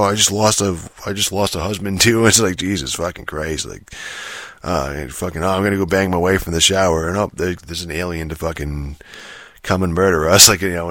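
Super deep voiced guy ranting, swears a ton, lots of likes and um, dry sound. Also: a bit bright, no echo. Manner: profane, rambling, many fillers and restarts. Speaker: solo commentator on movies and games. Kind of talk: rambling casual rant.

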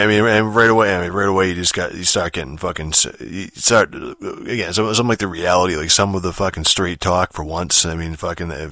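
A man's voice: low-pitched, sharp tone, no room sound. A man in a casual, rambling rant, swearing in almost every phrase and padding it with fillers and restarts.

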